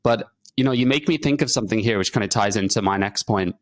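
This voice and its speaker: A man from Ireland with an Irish accent, hosting a podcast and putting questions to his guest in a measured way, thinking aloud with fillers. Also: fairly low pitch, no echo. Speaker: podcast host. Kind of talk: casual interview conversation.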